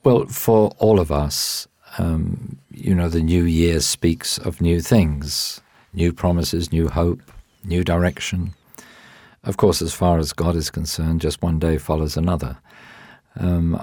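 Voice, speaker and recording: A man with a very low voice talks through a Bible passage for a radio show, slowly and carefully. He pauses on ums and restarts as he explains. The sound is dry and close. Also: dark tone, dry recording. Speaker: Bible teacher. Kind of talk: radio Bible teaching interview.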